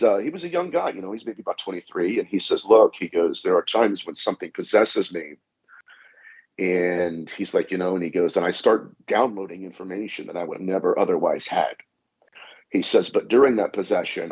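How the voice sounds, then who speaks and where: A guest demonologist tells anecdotes during a podcast interview in a deep, darkish, slightly rough voice, captured in dull lo-fi audio. He acts out the dialogue, frequently saying "I said."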